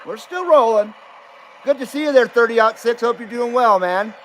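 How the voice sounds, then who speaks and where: A man's voice: very high voice, moderate pace, slight background noise. A middle-aged man hosting a live CB radio stream, chatting casually and joking easily with radio contacts.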